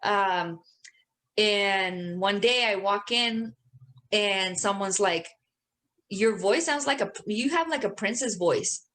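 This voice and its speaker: A woman's voice: medium pitch, slow pace, fairly bright tone. A young woman co-hosting a podcast, telling stories in casual chat with plenty of swearing and laughter. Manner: profane, laughing storyteller. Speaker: podcast co-host.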